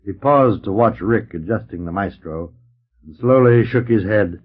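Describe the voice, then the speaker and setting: A man's voice: fairly low pitch, moderate pace. Man narrating on an old dull recording. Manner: expressive reading. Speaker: audiobook narrator. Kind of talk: scripted narration.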